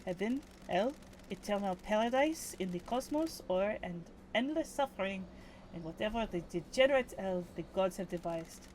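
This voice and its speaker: A calm, philosophical ghost speaks in a mock French accent, as a woman puts her on. She muses aloud and poses teasing questions about what comes after death. Her speech is unhurried and reflective. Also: mid-range voice, slight background noise, close to an everyday voice. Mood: musing. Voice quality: put-on French accent, admittedly poor. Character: dead woman awaiting justice, calm and philosophical.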